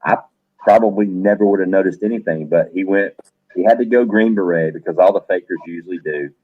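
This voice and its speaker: A middle-aged man with a very deep, husky voice tells a blunt, salty story to friends. He is a retired soldier and bar owner, talking loosely and bluntly. The sound is tinny and dry, like a phone line in a close space. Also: fairly quick, no echo. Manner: blunt, profane, animated anecdote teller. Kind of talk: casual storytelling among friends.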